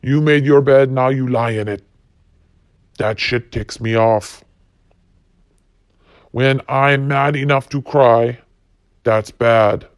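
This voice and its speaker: A man's voice: medium pitch, fairly even intonation, slow pace, long pauses, clean tone, dry recording. A man hosting a solo podcast, ranting bluntly and profanely while reading quotes. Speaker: podcast host.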